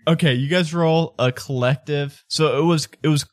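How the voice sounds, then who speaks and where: A man's voice: fairly high pitch, fairly even intonation, normal speed, no echo, clean studio sound. A man narrating as game master of a tabletop game, casual with many fillers.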